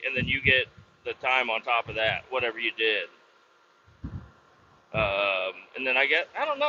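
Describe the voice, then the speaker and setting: This casual, profane storytelling comes from a podcast host employed in industrial cleaning, who rambles about work and keeps second-guessing himself. His mid-range voice is pushed and bright. The highs are cut off, and there is slight background noise.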